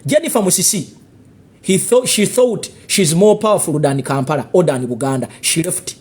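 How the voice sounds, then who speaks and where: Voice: mid-range voice, moderate pace, a little mellow, slightly rough. A speaker with a Ugandan accent giving a live political commentary monologue, confrontational and full of rhetorical questions and repeated warnings.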